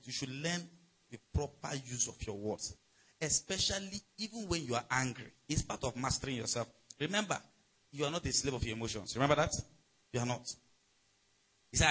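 A middle-aged man preaching a sermon as pastor, emphatic, swinging between loud and soft and checking in with the congregation. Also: mid-range voice, animated, fairly quick, breathy edge, low-quality recording.

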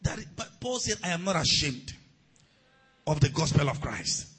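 A man preaching a sermon as a pastor, calling on the congregation to respond and rising to shouts. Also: a little high, big pitch swings, moderate pace, slightly rough, rough recording.

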